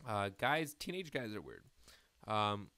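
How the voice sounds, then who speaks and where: A man's voice: fairly low pitch, sing-song, unhurried, bright, forceful tone, smooth, dry recording. An eighteen-year-old man rambling crudely and mockingly at himself while giving casual gameplay commentary. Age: late teens. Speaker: gaming YouTuber.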